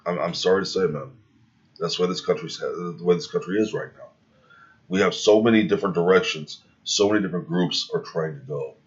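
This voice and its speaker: A man's voice: sits low, a little fast. A man speaking in a heated opinion monologue, rambling and restarting his words, recorded with dull, lo-fi sound. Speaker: video commentator.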